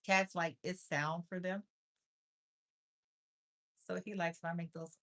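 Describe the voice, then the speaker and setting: Slow-talking woman cooing at her cat. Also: fairly bright tone. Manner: baby talk to a pet, high and cooing; unhurried, repeats itself. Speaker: tarot reader. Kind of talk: casual chat with her cat.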